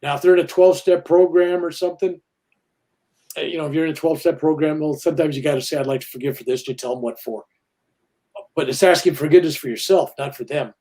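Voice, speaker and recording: A man's voice: a little high, fast talker, mellow. An older man, a minister and guest, talking earnestly about spirituality and acting out quoted voices as he tells stories. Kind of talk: spiritual interview talk.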